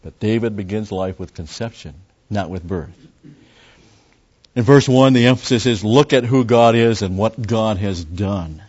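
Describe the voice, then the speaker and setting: A man's voice: fairly low pitch, a little slow, darkish tone, slightly rough, lo-fi sound. A man preaching a Bible teaching sermon, explaining a passage step by step and repeating key phrases. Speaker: pastor.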